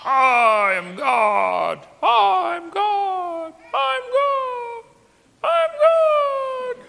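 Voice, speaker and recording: A preacher putting on the voice of a boastful man who shouts that he is God, each cry higher than the last. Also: sing-song, extremely slow, vocal fry, long reverb tail, exaggerated voice. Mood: grandiose. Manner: shouting, climbing ever higher in pitch.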